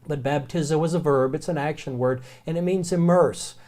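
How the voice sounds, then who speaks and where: Teaching the Greek alphabet in a recorded lecture, a man with a Southern American accent keeps things easygoing and folksy. His voice sits on the high side, and he slows to spell out words.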